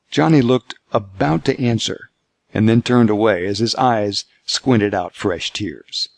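A man reading scripted narration for an audiobook in a measured, steady way. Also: on the low side, no echo.

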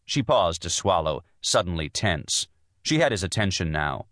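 A man narrating a novel in a measured, expressive reading, recorded in a studio. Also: low voice, no echo. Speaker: audiobook narrator. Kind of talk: scripted narration. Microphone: studio microphone.

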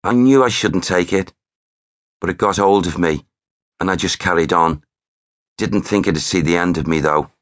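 A man's voice: deep voice, moderate pace, pauses often, natural voice. A man doing a cheeky Scouse lad's spirit. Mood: rueful. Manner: cheeky, playful banter. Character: cheeky young male spirit, jokey. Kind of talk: audiobook narration.

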